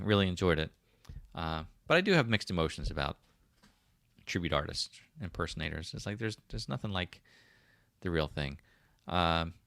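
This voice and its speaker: A man's voice: low-pitched, a bit bright, clean tone, dry recording, clean studio sound. A man in his fifties with a South Jersey accent, hosting a casual livestream and chatting while reading out viewer comments, rambling with frequent ums. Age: 50s. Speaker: livestream host.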